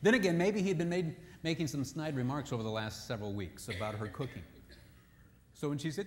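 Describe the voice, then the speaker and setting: A man's voice: fairly high pitch, a little fast, darkish tone, slight background noise. A man giving a humorous marriage seminar talk, telling stories and acting out the quotes in them, with scripture mixed in. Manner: jokey storyteller who acts out quotes. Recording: echoey hall.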